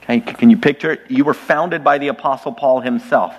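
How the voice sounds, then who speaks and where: A man's voice: medium pitch, a little fast, in a large hall. A man preaching a sermon to his congregation, conversational and lightly humorous, often speaking straight to the listeners. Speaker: pastor. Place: church sanctuary.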